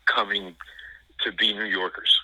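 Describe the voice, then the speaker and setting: Deep-voiced older New York man. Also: flat delivery, sharp tone, slightly rough, no room sound, poor audio. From New York City. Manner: rambling, halting, with many fillers and restarts. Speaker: guest. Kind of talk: conversational interview.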